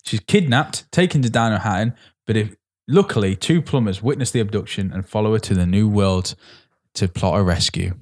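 A man's voice: lowish voice, fairly quick. A man co-hosting a podcast, chatting casually and sarcastically about a film, laughing often. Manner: animated, laughing, sarcastic asides. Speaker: podcast co-host. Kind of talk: casual film review chat.

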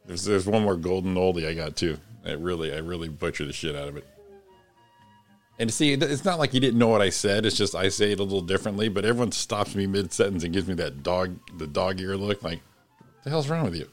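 A very deep-voiced man co-hosting a loose morning show. He swears freely and laughs a lot, and now and then stumbles over a word. Faint music sits under the talk. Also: fast. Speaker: co-host. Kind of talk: casual morning show banter.

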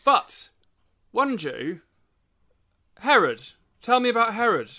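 A man's voice: extremely high pitch, sing-song, slow pace, sharp tone. A man in casual film chat, making dry, wry remarks and steering the discussion. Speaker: podcast co-host.

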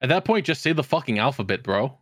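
A man's voice: medium pitch, sing-song, fast, fairly bright tone, no room sound. A young man co-hosting a casual podcast chat, crude and joking, swearing a lot. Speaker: podcast co-host.

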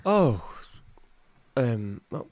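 A man's voice: medium pitch, sing-song, extremely slow, a little mellow, dry recording. A man co-hosting a podcast, telling rambling, wry anecdotes in casual banter. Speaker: podcast co-host.

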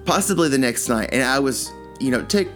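An older man co-hosting a podcast, telling stories in a rambling, animated way with many restarts. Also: medium pitch, brisk, soft background music. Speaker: podcast co-host. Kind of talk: casual chat.

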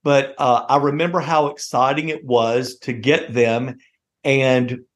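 A man hosting a reminiscing conversation, telling stories in an animated way and laughing often. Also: medium pitch, unhurried. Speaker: host.

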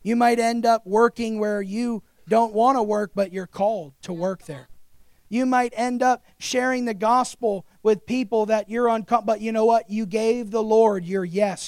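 Male pastor, sermon delivery: high, gravelly voice, dry close sound, swings from urgent to hushed. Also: steady tone, unhurried, dry recording. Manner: swings from loud urgent exhortation to hushed confession. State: recovering from pneumonia.

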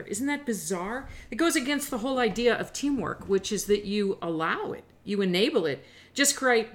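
A middle-aged woman giving opinionated solo commentary, animated and emphatic with sarcastic asides. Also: medium pitch.

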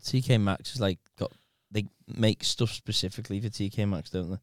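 A man's voice: fairly low pitch, steady tone, brisk, no echo, clean studio sound. A man, co-hosting a podcast in crude, casual banter. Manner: crude, laughs a lot. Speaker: podcast co-host.

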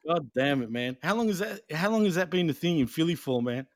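A man's voice: fairly high pitch, animated, a little fast, no echo. Speak as a brash man, dry sound. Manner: profane, blunt and joking. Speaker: podcast co-host. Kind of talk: casual wrestling chat.

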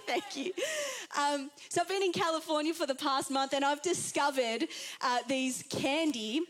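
A woman's voice: high-pitched, normal speed, fairly bright tone, slight background noise. A young Australian woman preaching an earnest, chatty Pentecostal sermon to a congregation. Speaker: guest preacher.

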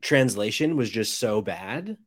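A man's voice: fairly low pitch, animated, measured pace. A man co-hosting a casual podcast, musing about a film in a wry, offhand way. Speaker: podcast co-host.

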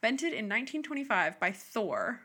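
A woman's voice: fairly high pitch, big pitch swings, normal speed, sharp tone, breathy edge. A young woman co-hosting a podcast in casual, playful chat, joking and poking fun at her own mispronunciations. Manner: playful, jokey, mispronounces words self-mockingly. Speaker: podcast co-host.

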